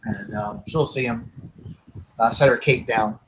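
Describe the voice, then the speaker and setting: A man's voice: medium pitch, unhurried, fairly bright tone, a little hiss or hum, low-quality recording. A man playing a tabletop role-playing game, casually describing his character. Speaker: player.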